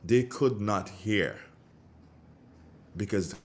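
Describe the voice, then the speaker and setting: This Grenadian host speaks slowly with a fairly low pitch as he welcomes listeners on his radio show. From the studio he tells stories in an easygoing, colloquial way, animated and full of Caribbean expressions.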